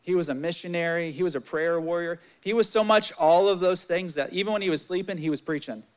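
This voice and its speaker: A young man preaching a sermon, candid and animated, telling personal stories and reading scripture. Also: a little fast. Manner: candid and animated, swelling louder in stories, dropping low on scripture.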